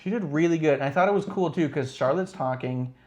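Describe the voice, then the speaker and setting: Animated male wrestling podcast host. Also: fast talker. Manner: animated, mimics wrestlers in exaggerated high voices. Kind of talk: casual chat.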